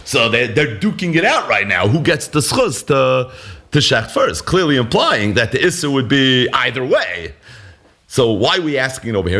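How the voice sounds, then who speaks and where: A man's voice: mid-range voice, a bit bright, slightly rough. A man teaching a daily Talmud lesson, explaining step by step and asking and answering his own questions.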